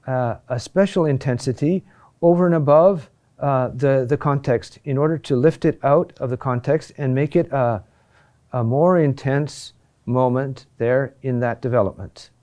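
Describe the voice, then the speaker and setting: A middle-aged man teaching a class on chant, speaking deliberately with many pauses and fillers. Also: mid-range voice, mellow. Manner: slow and deliberate, with frequent "uh" pauses. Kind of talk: classroom lecture.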